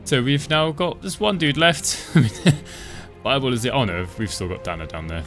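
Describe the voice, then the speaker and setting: A man giving relaxed, chatty commentary over his own gameplay, thinking aloud as he plays. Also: mid-range voice, fairly quick, soft background music. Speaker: gaming channel host.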